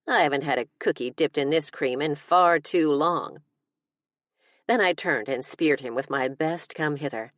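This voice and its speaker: Low-voiced woman narrating wryly. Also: unhurried, a bit bright, no room sound. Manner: wry, comic. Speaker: audiobook narrator. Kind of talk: first-person audiobook narration.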